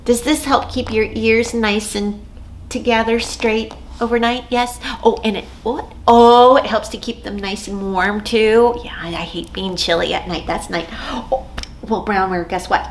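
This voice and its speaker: A woman's voice: medium pitch, measured pace, a little hiss or hum. A woman leading a children's storytime, chanting rhymes and talking to a puppet with big exaggerated gasps. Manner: animated, sing-song, gasping with exaggerated surprise. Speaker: children's librarian.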